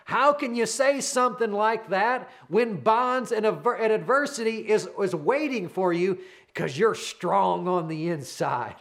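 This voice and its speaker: Male preacher, high voice, fervent sermon delivery, repeats his refrains, talks to the listener as a friend. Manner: animated, speeds up when excited.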